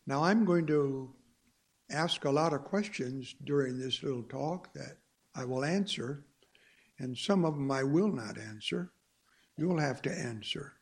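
Man, preacher, sermon, slow delivery, husky voice, emphatic questions. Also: mid-range voice. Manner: emphatic, rising and falling preaching with rhetorical questions.

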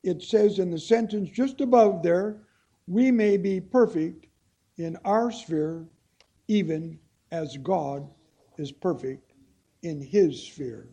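A man preaching a sermon-style Bible study, reading texts slowly and deliberately, then pressing key phrases with emphasis. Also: high voice, dark tone, breathy edge.

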